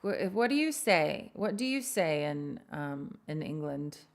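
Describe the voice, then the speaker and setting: A woman singer-songwriter hosts her own livestream, chatting casually with viewers and greeting fans by name. Her lowish voice has vocal fry, and she's very animated yet unhurried. She rambles, is self-deprecating and laughs at herself.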